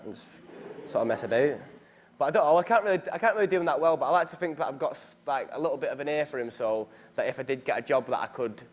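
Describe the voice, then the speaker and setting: Chatty young man. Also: mid-range voice. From northern England. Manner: chatty, self-deprecating, many fillers and restarts. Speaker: actor being interviewed. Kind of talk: casual interview.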